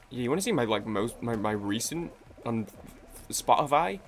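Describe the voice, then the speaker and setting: Rambling young man chatting over gameplay. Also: mid-range voice. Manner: rambling, self-interrupting, swears freely. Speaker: gaming YouTuber. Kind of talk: casual chat while playing a game.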